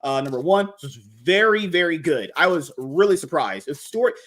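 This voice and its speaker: A man's voice: fairly high pitch, expressive, moderate pace, fairly bright tone. A man hosting a podcast, talking casually and animatedly, swearing freely and rambling with restarts. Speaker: podcast host.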